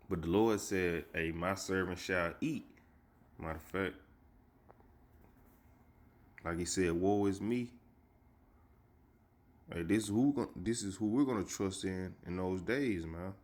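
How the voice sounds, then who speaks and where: A man preaches a stern warning. He reads scripture slowly and deliberately, then drives each point home with an emphatic "man" or "you see?". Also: sits low. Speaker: street preacher. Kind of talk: sermon with scripture reading.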